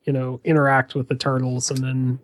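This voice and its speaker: A man's voice: medium pitch, completely flat delivery, a little fast, dry recording. Man making dry, sarcastic asides. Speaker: podcast co-host. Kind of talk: casual chat.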